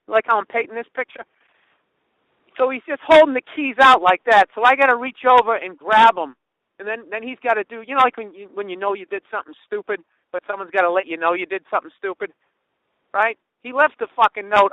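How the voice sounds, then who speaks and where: A man's voice: sits high, brisk, sharp tone, no room sound, dull audio. A man hosting a podcast, telling a story in a profane, sarcastic rant from outdoors on a city street. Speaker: podcast host. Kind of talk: casual comedic monologue.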